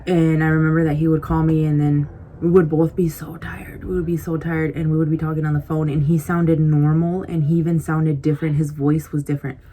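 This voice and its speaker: Her voice sits low and mellow with little pitch movement, and she moves briskly with hardly any pauses while a faint hiss or hum runs beneath. Snacking in front of the camera, the vlogger tells a rambling, chatty story loaded with "like" and "you know," speaking confidingly to her viewers on a compact camera mic.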